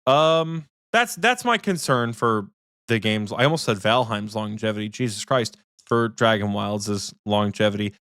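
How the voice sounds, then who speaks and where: A young man co-hosting a casual gaming podcast, telling lively stories, swearing freely and mimicking his friend. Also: on the low side, unhurried, clear, resonant tone, no room sound, studio quality. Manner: animated storytelling, swearing, mimics friends in quotes. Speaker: podcast co-host.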